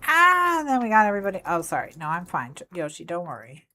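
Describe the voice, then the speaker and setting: A woman's voice: fairly low pitch, wildly swooping pitch, quick pace, sharp tone. Woman yapping over a craft stream, playful and chatty, talks to her cat a lot. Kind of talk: casual chat while crafting. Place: home craft desk. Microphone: desk mic, faceless desk view.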